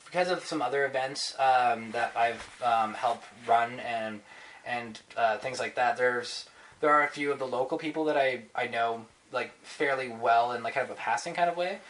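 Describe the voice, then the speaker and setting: A man's voice: mid-range voice, moderate pace, a bit bright, poor audio. A man, a podcast guest explaining his show in loose, rambling talk full of fillers and restarts. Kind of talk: casual interview chat.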